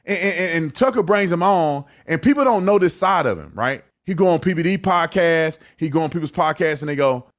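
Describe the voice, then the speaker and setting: A man hosting a podcast who cues clips and talks in an animated way, repeating words as he restarts in casual political commentary. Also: a little high, fairly quick, few pauses. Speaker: podcast host.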